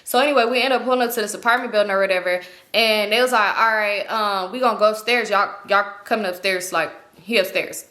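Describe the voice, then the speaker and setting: A woman's voice: mid-range voice, steady tone, quick pace, sharp tone. A young woman vlogger telling a story in casual slang, swearing freely and acting out what others said. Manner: slangy, profane, acts out quoted lines.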